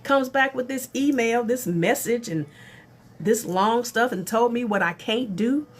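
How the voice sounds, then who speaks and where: Lively middle-aged woman telling a story. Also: on the high side, measured pace. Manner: animated, exclamatory, folksy. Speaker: spiritual teacher. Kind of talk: casual livestream storytelling.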